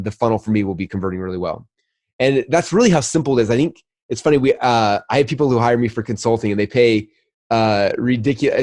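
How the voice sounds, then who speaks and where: Guy talking super fast on a podcast, acts out little convos, mid-pitched voice. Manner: rapid, animated storytelling with acted-out dialogue. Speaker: guest, marketing entrepreneur. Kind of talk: casual podcast chat.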